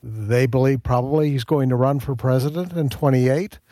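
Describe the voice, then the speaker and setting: A man presenting a news segment on talk radio, with brisk, storytelling delivery. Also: medium pitch, mellow, no room sound.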